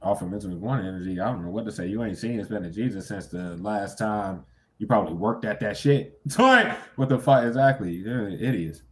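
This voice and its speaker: A man's voice: lowish voice, a little fast, darkish tone. Profane, blunt man reading tarot. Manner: profane, blunt, with sudden incredulous outbursts. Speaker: tarot reader. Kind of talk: casual tarot reading rant.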